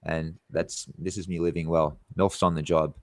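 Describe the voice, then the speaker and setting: A man with a deep, low-set voice talks straight to camera in a casual vlog. He rambles and brags, dropping curses into nearly every line. The sound is dry and close, with no room around it. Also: level tone, moderate pace, dry recording. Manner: profane, boastful, rambling. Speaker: tree-cutting contractor.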